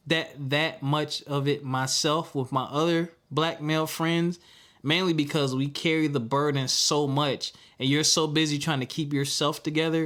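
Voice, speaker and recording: A man's voice: a little high, a bit bright. Earnest man hosting a podcast. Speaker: podcast host. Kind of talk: reflective casual podcast talk.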